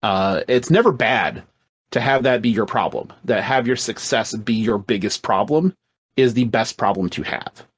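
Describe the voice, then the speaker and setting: A man's voice: on the low side, moderate pace, slightly rough. A man co-hosting a podcast panel in casual chat, blunt and self-mocking, swearing freely. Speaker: podcast co-host.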